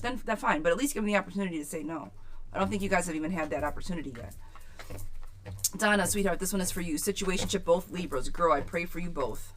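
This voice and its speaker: A woman's voice: lowish voice, quick pace. A woman giving a live tarot reading to viewers, chatty and frank, swearing casually and calling people sweetheart. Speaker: tarot reader.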